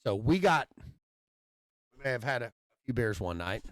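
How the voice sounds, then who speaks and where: A man's voice: mid-range voice, very animated, moderate pace, no room sound. A man, hosting a casual chat and rambling through a story, swearing freely and restarting his sentences. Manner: rambling storyteller with loose profanity and stammered restarts. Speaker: podcast host.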